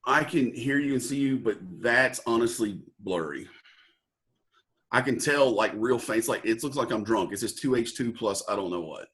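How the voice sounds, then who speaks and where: A man's voice: mid-range voice, moderate pace, a bit bright. A young man, a student on a video call, talking casually and laid-back with lots of likes and ums. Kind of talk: casual chat.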